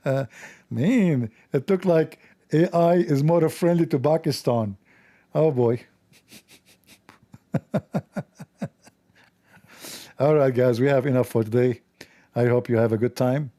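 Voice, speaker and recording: A man hosting a casual commentary video, sarcastic, animated and mocking. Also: mid-range voice, takes it slowly, long pauses. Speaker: host.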